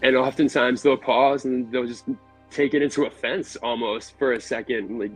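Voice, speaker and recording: A man who works as a haunt actor and manager, giving measured, blunt advice in a casual livestream chat. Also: mid-range voice, fairly even intonation, soft background music, poor audio.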